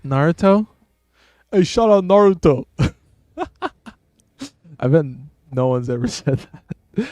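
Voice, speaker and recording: A man's voice: on the high side, lively intonation, takes it slowly, pauses often, darkish tone, smooth, no room sound. A man streaming a game, chatting casually and rambling in a laid-back, slangy way. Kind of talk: casual gameplay commentary.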